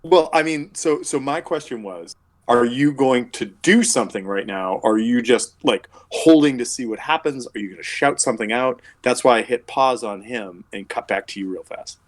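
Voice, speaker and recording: A man's voice: mid-range voice, normal speed. Man, game master, tabletop game narration, rambling, filler-heavy. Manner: rambling, lots of filler words.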